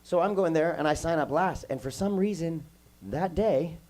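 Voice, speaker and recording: His voice is a little high and a little mellow, at normal speed, though the audio is poor. This guest musician, in his forties and under the weather, rambles through stories and side tangents in a casual Q&A with kids at a music school workshop.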